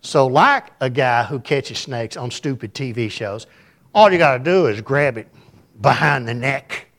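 A man preaching in a church, spinning a humorous personal story. His delivery is folksy and animated. His pitch sits in the middle for a man. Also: unhurried. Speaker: pastor. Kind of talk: storytelling sermon.

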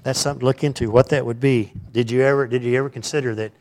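Middle-aged man, preacher, folksy rambling sermon, asks questions, mid-pitched voice. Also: fairly even intonation, rapid-fire, darkish tone. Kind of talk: conversational sermon.

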